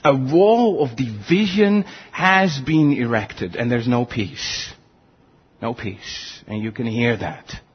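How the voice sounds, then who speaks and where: A man's voice: slow pace, slightly rough, highs cut off. A male pastor preaching a sermon, earnest and full of rhetorical questions. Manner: earnest, rhetorical questions, animated swings in pitch.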